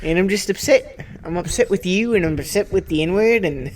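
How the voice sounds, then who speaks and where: A fed-up Australian man keeps scolding and lecturing, leaning on his exaggerated accent that drifts toward English, as a comedy podcaster puts him on. His voice sits fairly high for a man. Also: expressive, brisk. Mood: indignant. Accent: put-on Australian, slipping into English. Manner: indignant scolding, repeats "mate". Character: irate male Australian show critic, preachy. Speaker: podcast co-host.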